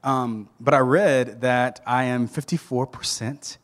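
A lively male pastor, preaching with jokes and quick restarts. His voice sits at an ordinary middle pitch. The sound rings with the long reverb of a church hall. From Southern United States. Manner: animated, joking storyteller with frequent restarts. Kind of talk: sermon. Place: church sanctuary.

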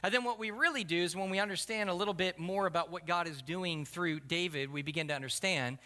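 A male pastor preaches in a relaxed, self-deprecating way from a church sanctuary. His voice is high and bright, and a long hall reverb trails each phrase. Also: fast talker. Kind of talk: sermon.

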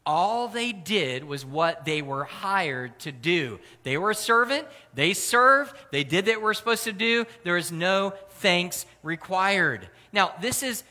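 A man preaching a sermon in a relaxed, conversational way, with lively emphasis. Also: sits high, slow, few pauses. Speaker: pastor. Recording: long hall reverb.

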